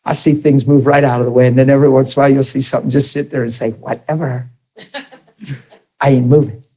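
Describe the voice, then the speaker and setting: A man's voice: mid-range voice, flat delivery, racing, warm tone, rough recording. A man preaching a sermon, telling a story and asking the audience questions.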